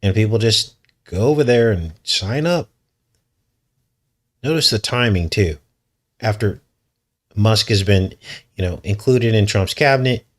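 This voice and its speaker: A man hosting a news commentary vlog, reading articles aloud and breaking in with suspicious, skeptical remarks. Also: on the low side. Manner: suspicious, conspiratorial tone. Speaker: channel host.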